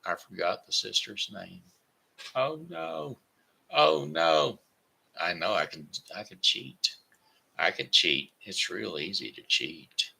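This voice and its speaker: A man's voice: on the low side, animated, slow pace, gravelly, sharp tone, slightly rough. A man hosting his own daily live show, chatting in a folksy, rambling way with friendly asides to his viewers. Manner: breaks into a homespun goodbye song. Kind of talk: casual live-stream chat.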